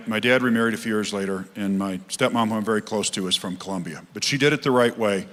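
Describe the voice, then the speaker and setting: A man's voice: mid-range voice, fairly bright tone. Earnest male candidate, echoey hall. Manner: earnest, personal then emphatic. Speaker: political candidate. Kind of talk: candidate forum answer. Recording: long hall reverb.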